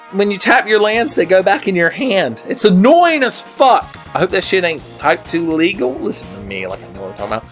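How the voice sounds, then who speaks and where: A young gaming video maker, slightly drunk and slurring a little as he drinks, gives rambling, profane let's play commentary on a game through a headset. He swings between low mutters and sudden yells.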